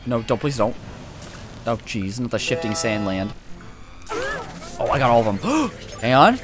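A young man talks his way through a video game in a lively voice that jumps all over the place, swearing freely and shouting at the characters on screen. He has a sore tongue that makes speaking uncomfortable. Game music plays faintly behind him. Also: mid-range voice, unhurried. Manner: excitable, swears often, yells at game characters. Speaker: gaming video creator. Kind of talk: casual gameplay commentary.

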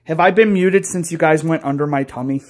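A man's voice: on the high side, a little fast, darkish tone. A man streaming live from his phone, rambling and teasing his chat in a goofy, playful way. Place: car, then home.

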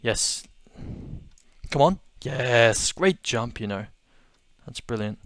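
Excitable young Australian gamer. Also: male voice, medium pitch, takes it slowly, pauses often. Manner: excitable, gasping, repeats exclamations. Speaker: gaming video host. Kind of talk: let's-play commentary.

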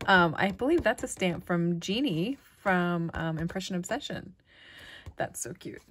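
A woman's voice: on the low side, animated, unhurried, breathy edge. Delighted woman gushing over craft goodies. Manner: gushing, delighted, often drops to a soft whisper. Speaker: crafting vlogger. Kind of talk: casual unboxing chat.

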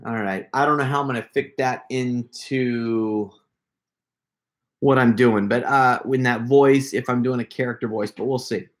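A man's voice: mid-range voice, steady tone, moderate pace. Rambling, chatty man live-streaming from home. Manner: rambling, chatty, breaks into laughter. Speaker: prank caller hosting a livestream. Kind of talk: casual live-stream chat.

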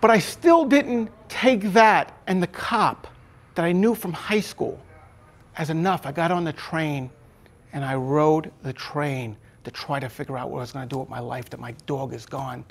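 A man's voice: a little high, normal speed. A middle-aged man, a former corrections officer, earnestly telling his life story in an interview and acting out the voices of the people in it.

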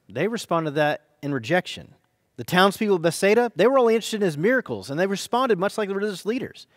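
A man's voice: on the high side, no echo, studio quality. Earnest male pastor preaching. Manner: earnest, dramatic scripture reading with hushed and emphatic turns. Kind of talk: sermon.

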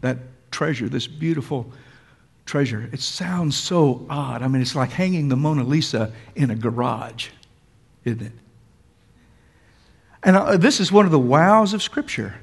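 A man's voice: medium pitch, lively intonation, a little slow, vocal fry, long pauses, husky. A man preaching a sermon to a congregation in a church, emphatic and repetitive, talking straight to his listeners. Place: church sanctuary. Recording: long hall reverb.

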